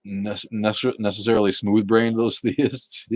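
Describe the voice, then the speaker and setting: A man's voice: on the low side, steady tone, moderate pace, few pauses, dry recording. A man hosting a casual livestream, chatting bluntly with viewers, swearing and laughing often. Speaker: livestream host reading chat.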